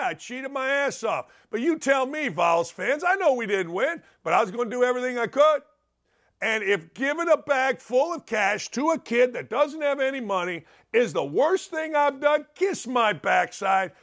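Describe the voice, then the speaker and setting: A middle-aged man hosting a sports talk show, ranting in a brash, combative, mocking way with big swings in pitch and loudness. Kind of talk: opinionated sports radio rant.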